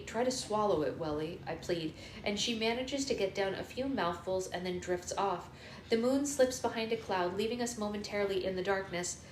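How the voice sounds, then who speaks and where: A woman's voice: mid-range voice, echoey room, slight background noise. A woman reading a novel aloud for a livestream book club, narrating steadily in the first person. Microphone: phone.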